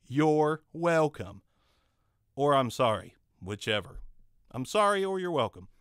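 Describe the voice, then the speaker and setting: Sing-song and smooth, a man's mid-range, fairly bright voice moves at a moderate pace with no echo. He hosts a channel and reviews the microphone he's testing in a casual, wandering, self-mocking and jokey style, using a condenser studio mic in a home studio.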